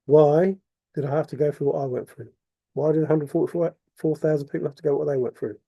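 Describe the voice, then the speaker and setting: A man's voice: a little high, steady tone, fast talker, creaky, mellow, husky, no echo. A man delivering an impassioned, repetitive monologue full of rhetorical questions. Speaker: vlogger.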